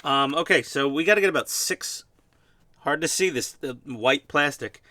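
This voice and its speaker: At his home hobby workbench, a man from New York, speaking with the local accent, builds a scale model and chats casually, rambling, self-mocking, and full of fillers. His highish voice is bright and forceful at a normal speed, with no room sound.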